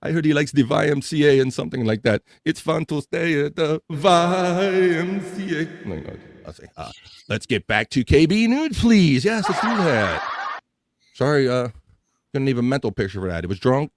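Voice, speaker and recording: A man's voice: medium pitch, huge pitch swings, brisk, no echo, clean studio sound. A man with an American accent hosting a casual livestream, reading viewer comments and ranting with profanity and jokes. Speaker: livestream podcast host.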